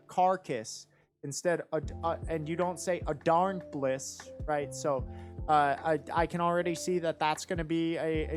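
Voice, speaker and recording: A judge talking through written rap verses live, enthusiastic and rambling, with lots of fillers and restarts. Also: medium pitch. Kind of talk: live commentary and critique.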